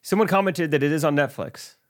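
A man's voice: a little high, a little fast, no room sound, clean studio sound. A man in his thirties co-hosting a casual podcast, playful and upbeat. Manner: playful, bouncy delivery. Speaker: podcast co-host.

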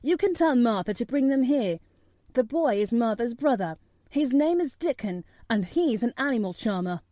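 A woman's voice: on the high side, expressive, normal speed, dark tone, dry recording, studio quality, lightly acted. A woman voicing an imperious sickly rich boy who gives orders in a lordly way. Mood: commanding. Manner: commanding, lordly.

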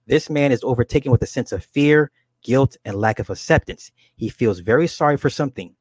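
A man reading the lines of a woman clairvoyant in a trance, in slow, measured pronouncements. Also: mid-range voice, a little mellow, husky, no room sound, lightly acted. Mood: solemn.

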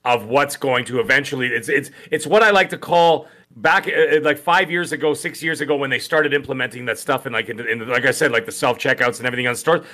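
A man co-hosting a casual podcast, halting and repeating words as he works toward his point. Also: mid-range voice, sharp tone. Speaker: podcast co-host.

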